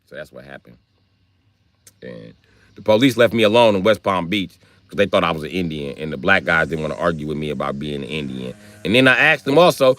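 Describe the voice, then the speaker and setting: Young wisconsin guy ranting on stream, bright voice, swooping pitch, cusses a lot, loud acted quotes, dry close sound. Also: sing-song, brisk, no room sound. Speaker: livestreamer. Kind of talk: animated storytelling.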